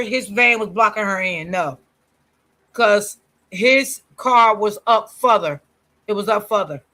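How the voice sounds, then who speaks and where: A man's voice: sits high, bright, forceful tone. A man on a discussion panel talking in a casual, chatty, slangy way.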